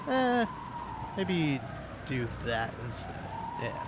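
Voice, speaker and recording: A man's voice: medium pitch, sing-song, slow, noisy background. A man giving casual gaming commentary as a let's play host, rambling, swearing and talking back to the game.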